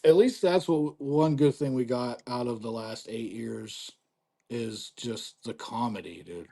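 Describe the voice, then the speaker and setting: A man's voice: medium pitch, a little slow, creaky, dark tone, slightly rough. A man guesting on a podcast, chatting casually in a laid-back, agreeable way. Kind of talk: casual chat.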